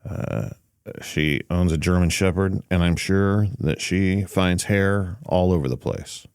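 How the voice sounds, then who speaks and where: A very deep-voiced man hosts a casual podcast chat, easygoing and thinking aloud, often pausing on fillers and restarting sentences. His voice is close and dry, with no room sound. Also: a little mellow, clear, resonant tone, no room sound. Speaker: podcast host.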